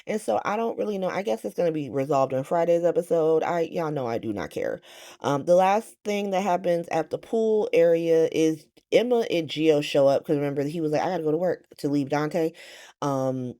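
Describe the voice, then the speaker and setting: A woman's voice: sits low, dark tone. A woman hosting a casual soap opera recap vlog, sassy and slangy, swearing freely and quoting characters with animation.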